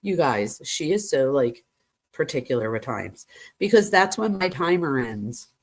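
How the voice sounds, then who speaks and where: A woman's voice: deep voice, very animated, measured pace, husky. A woman hosting a true crime live stream, reading texts aloud and reacting to them in a chatty way, talking straight to her viewers. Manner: chatty, addresses viewers as "you guys", gasps and exclaims.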